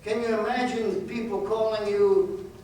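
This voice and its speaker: A man's voice: high voice, steady tone, a little slow, darkish tone. A man in his eighties giving an earnest storytelling talk to a college audience, pressing his point with repeated rhetorical questions. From United States. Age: 80s. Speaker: guest speaker. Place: college auditorium. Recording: echoey hall from far off, faint noise.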